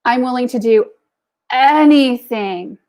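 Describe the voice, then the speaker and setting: A woman's voice: on the high side, slow pace, a little mellow. A woman voicing a young female student who begs eagerly for a good grade. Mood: pleading. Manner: begging, eager.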